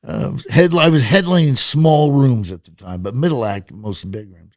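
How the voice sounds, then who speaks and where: A middle-aged stand-up comedian gives an interview, animatedly telling stories and raising his voice to act out quotes. He speaks in a mid-range voice at a normal speed, in a dry, studio-quality recording.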